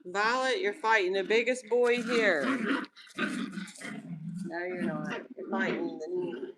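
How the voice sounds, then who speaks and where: A woman's voice: mid-range voice, takes it slowly. A woman talking casually to a litter of puppies and soothing them, with puppies scuffling behind her. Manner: soothing, coaxing puppies to calm down. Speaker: puppy breeder filming her litter. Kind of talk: casual talk to puppies and viewers. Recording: noisy room with puppy sounds. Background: puppies yapping and scuffling.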